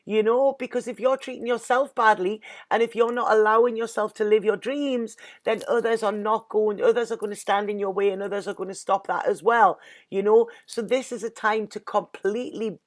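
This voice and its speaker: A woman's voice: mid-range voice, steady tone, normal speed. A woman with an English accent giving an earnest, emotional tarot reading in casual speech, constantly saying "you know" and sounding close to tears. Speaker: tarot reader.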